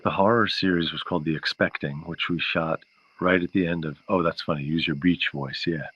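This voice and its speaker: His voice sits low with a fairly bright tone and a breathy edge, delivered steadily and a little fast in a dry recording. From his home by a porch area, the man hosts a livestream, rambling casually through asides with viewers. A laptop microphone renders it dull and lo-fi.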